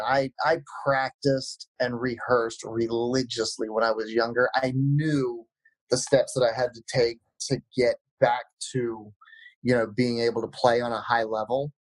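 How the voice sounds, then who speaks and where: Male guest musician, measured and reflective, dry recording. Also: mid-range voice, no room sound, poor audio. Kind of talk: casual interview answers.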